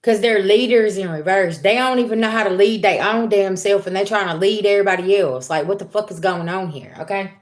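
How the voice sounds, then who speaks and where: A woman speaks straight to her viewers as a spiritual reader, in a blunt, profane, animated manner. Her voice sits at an ordinary middle pitch. She rants and lectures in loose street talk. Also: fairly quick, few pauses. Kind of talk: casual spiritual reading monologue.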